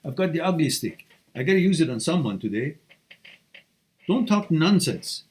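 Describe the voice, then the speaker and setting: A man hosting a live question-and-answer stream, reading viewer questions aloud and answering them with blunt, animated tough-love advice. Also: fairly high pitch, moderate pace. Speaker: live Q&A host giving relationship advice.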